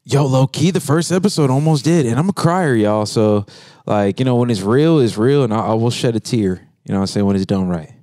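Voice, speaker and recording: A man's voice: mid-range voice, expressive, fairly quick, mellow, no room sound. A man in a casual podcast chat, laid-back and slangy, rambling as he talks in a studio.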